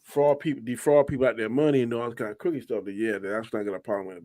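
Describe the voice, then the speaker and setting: A man's voice: medium pitch, fairly even intonation, rapid-fire, warm tone. A man co-hosting a casual panel chat, blunt and teasing, talking in loose slang. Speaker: podcast co-host.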